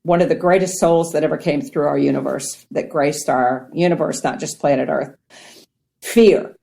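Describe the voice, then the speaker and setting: Mellow, low-voiced woman from Ohio. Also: moderate pace, vocal fry. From Ohio, United States. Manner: earnest, animated, acts out quotes. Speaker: guest speaker on mindfulness. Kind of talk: conversational teaching.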